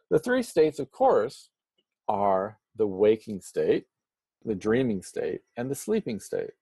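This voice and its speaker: A man giving a spiritual lecture, explaining Sanskrit terms slowly and deliberately, with touches of playful humor. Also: on the low side, wildly swooping pitch, dark tone, slightly rough, no room sound. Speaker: Vedanta teacher.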